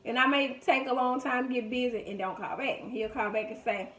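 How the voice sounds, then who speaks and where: A woman tells family stories in a relaxed, chatty way. Her voice sits a little high. The room around her is echoey. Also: brisk, distant mic. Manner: chatty, reminiscing, quotes people in lively voices. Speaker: vlogger. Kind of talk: casual storytelling during a food video.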